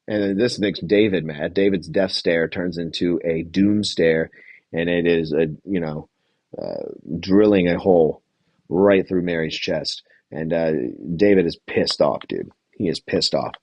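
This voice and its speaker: A young man with a fairly low voice hosts a loose, casual recap, rambling through his thoughts with plenty of fillers and swearing. He reads comments from a live chat as he goes. The sound is dry, with little room around it. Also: a little mellow, dry recording, highs cut off. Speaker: podcast host reviewing a reality show.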